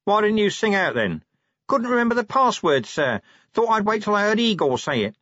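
A man's voice: sits high, sing-song, brisk, a bit bright, no room sound, voice pushed up. A man voicing a scruffy, cheeky little male watchman who talks offhandedly, on a dull recording.

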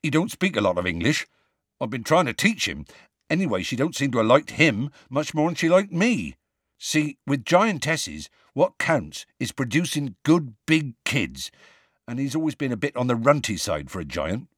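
A man voicing a huge, gentle half-giant who speaks in rough country dialect, anxious and close to tears. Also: mid-range voice, sing-song, moderate pace, no echo, voice pushed up.

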